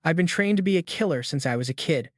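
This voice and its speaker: A man voicing a calm, cold teenage boy assassin who talks casually and flatly. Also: fairly high pitch, quick pace, no room sound, studio quality, close to an everyday voice. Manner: casual, flat, unbothered.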